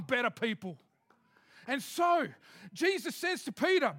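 A man preaching a sermon to his congregation in a lively, joking, conversational way. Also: extremely high pitch, a little slow, long pauses. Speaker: pastor. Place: church hall with a congregation.

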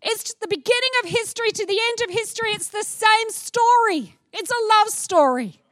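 A middle-aged woman preaching a sermon, animated and playful, acting out little scenes as she goes. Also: extremely high pitch, moderate pace, no echo, clean studio sound.

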